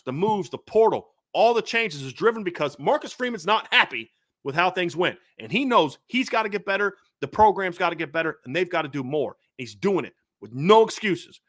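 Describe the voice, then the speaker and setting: A man's voice: sits high, bright, forceful tone. A middle-aged man hosting a sports show, delivering a fired-up, emphatic commentary rant with lots of repetition. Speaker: sports podcast host.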